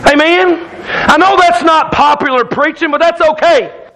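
A man's voice: very high-pitched, a little slow, pushed and bright, rough recording. A man preaching a sermon in a church, telling a folksy hunting story that keeps the congregation laughing. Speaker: pastor. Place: church sanctuary.

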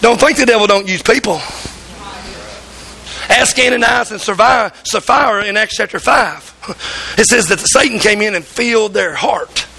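High-voiced, fervent preacher man. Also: a little slow, gravelly, bright, forceful tone, poor audio. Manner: fervent preaching, acts out voices in quoted stories. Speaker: pastor. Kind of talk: sermon. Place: church.

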